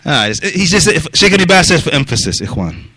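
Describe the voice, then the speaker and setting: A man teaching a mosque lesson, mixing Arabic phrases into his English, pausing on fillers like yani, and directly questioning the people listening. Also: a little high, sing-song, pushed and bright, no room sound. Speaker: religious teacher.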